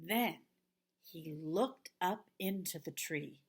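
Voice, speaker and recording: A woman reading a children's picture book aloud in an expressive voice, sometimes dropping into a hush. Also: lowish voice, slow pace, husky. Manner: expressive, with hushed whispered asides. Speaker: storybook reader.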